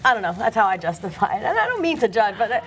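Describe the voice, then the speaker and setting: A woman co-host in casual studio chat, chatty, self-deprecating and quick to laugh. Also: on the high side, big pitch swings, a bit bright, slight background noise.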